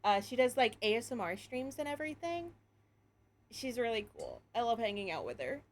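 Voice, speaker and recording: A woman streaming live in casual chat, excitable, laughing often and swearing freely. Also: on the high side, normal speed, a little hiss or hum.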